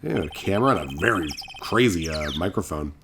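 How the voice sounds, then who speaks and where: A man's voice: low-pitched, expressive, a little fast, gravelly, background noise. A man in his thirties playing a game on his channel, chatting casually, reading out dialogue, and rambling with lots of self-corrections. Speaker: gaming channel host.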